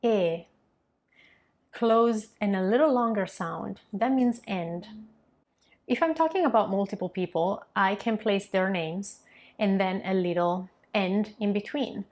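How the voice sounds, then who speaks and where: A young woman from Milan with an Italian accent, teaching a pronunciation lesson and modeling sounds slowly and clearly. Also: mid-range voice, a little mellow. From Milan, northern Italy. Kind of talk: online language lesson.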